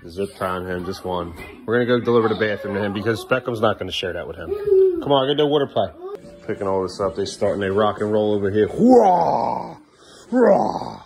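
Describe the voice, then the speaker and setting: Here a dad speaks fast in a lowish voice. Narrating a laid-back family vlog from the kitchen as he tends to the kids, he moves from coaxing them to getting stern, and keeps turning to the lens for casual side comments.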